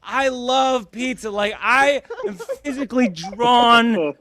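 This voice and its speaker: A man performing a stand-up comedy set, rambling and self-deprecating in a deadpan way. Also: very high voice, slow. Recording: crowd laughter in background. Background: audience laughter.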